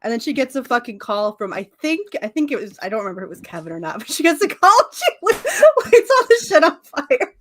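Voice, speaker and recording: A woman's voice: sits high, sing-song, brisk. A woman co-hosting a casual chat show, animatedly recapping a comic story, swearing and laughing often as she acts out the characters. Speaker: podcast co-host recapping a comic.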